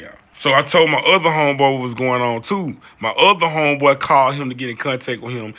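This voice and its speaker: A young man telling an animated storytime, slangy and excitable, jumping into other people's voices as he reenacts the scene. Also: fairly high pitch. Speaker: storyteller vlogger.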